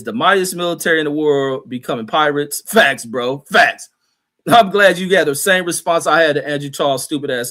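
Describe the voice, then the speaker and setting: A man's voice: mid-range voice, a bit bright. A man hosting a stream, reading viewer comments aloud and ranting bluntly in casual, heated commentary. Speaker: livestream host reading chat.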